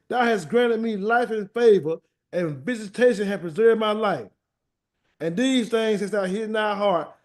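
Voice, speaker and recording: A man leading a weekly scripture word study and prayer, animated and colloquial, often repeating words as he searches for them. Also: high voice. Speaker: Bible study teacher. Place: meeting room streamed live.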